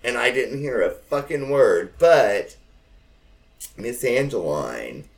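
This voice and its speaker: A man's voice: medium pitch, big pitch swings, takes it slowly, gravelly. A man telling a family story in casual chat, swearing and mimicking relatives.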